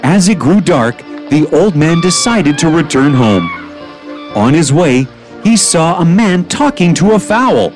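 A man narrating a children's story in a gentle storytelling manner, with faint music behind him. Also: a little high, very animated, measured pace.

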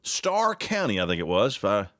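Talk show host guy, sarcastic and mocking, pitch jumps all over, super dry sound. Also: huge pitch swings, normal speed, a bit bright, no echo. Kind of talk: political talk show monologue.

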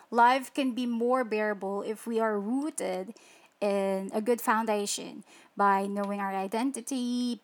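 A woman hosting a faith-based motivational show, chatting with listeners and asking them rhetorical questions. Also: medium pitch. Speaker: show host.

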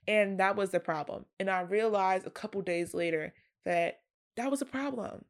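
A woman's voice: mid-range voice, lively intonation, brisk. A woman in her twenties hosting a solo podcast, talking to her listeners in a chatty, earnest way. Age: 20s. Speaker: podcast host. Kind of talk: casual solo podcast talk.

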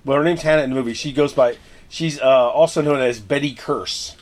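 A man's voice: medium pitch, brisk. A man co-hosting a podcast, casually retelling a movie plot with lots of fillers and restarts. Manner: rambling, filler-heavy retelling. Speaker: podcast co-host. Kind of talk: casual movie recap chat.

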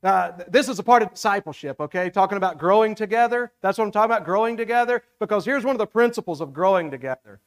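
Southern preacher guy, real high voice, repeats himself a lot, chatty with the congregation. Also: lively intonation, fast talker, hardly any pauses. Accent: Southern American. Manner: emphatic, repeating phrases, folksy asides to the congregation. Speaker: pastor. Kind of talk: sermon.

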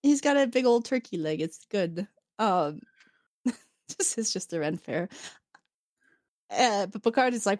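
Woman, casual chat, animated episode recap, acts out lines, laughs a lot, dry sound. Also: mid-range voice, normal speed, dry recording. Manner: animated storytelling, acting out characters' lines; laughs often. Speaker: podcast co-host.

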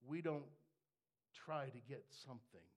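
A man preaching a sermon, dropping to hushed asides and then rising to shouted, fervent declarations. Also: medium pitch, expressive, measured pace.

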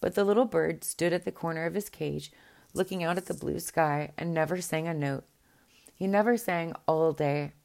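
A woman reading a fairy tale aloud in a gentle, unhurried way, with the odd small restart. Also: low-pitched, creaky. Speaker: storyteller. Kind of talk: storybook read-aloud.

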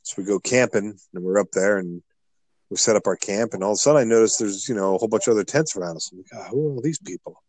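A middle-aged man co-hosting a podcast, telling a rambling, animated story in casual chat. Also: lowish voice, rapid-fire, poor audio. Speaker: podcast co-host.

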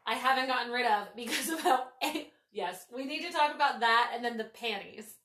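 A woman in her thirties hosting a podcast, telling stories in a casual, animated way, swearing freely and saying "like" a lot. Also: a little high, moderate pace. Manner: animated, swearing, full of "like" fillers. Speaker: podcast host. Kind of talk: casual storytelling chat. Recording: roomy echo.

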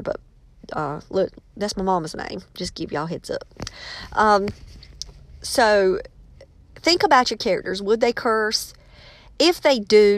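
A woman's voice: mid-range voice, no echo. A woman, a teacher and author giving casual, emphatic advice and calling her listeners y'all.

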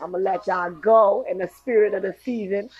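A woman hosting a casual sports podcast, excitably reading scores and highlights with lots of slang and exclamations. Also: moderate pace, slightly rough, muffled recording, faint music behind. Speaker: podcast host.

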